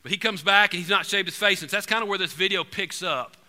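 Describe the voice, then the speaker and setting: A man preaching to a congregation, telling an animated, joking hunting story to the room. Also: high-pitched, quick pace. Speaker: pastor. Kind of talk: storytelling sermon. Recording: long reverb in a large hall.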